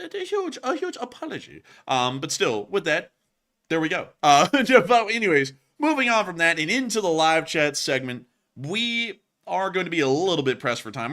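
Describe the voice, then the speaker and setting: A man hosting a live-stream news show, chatting casually and reading out viewer messages, with lots of fillers and restarts. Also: medium pitch. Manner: rambling, heavy on fillers and restarts, upbeat shout-outs.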